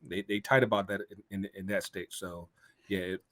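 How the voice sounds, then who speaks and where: Low-pitched with a fairly bright tone, this male podcast host chats casually at a moderate pace. His riffing is full of laughter and repeated, stammered words.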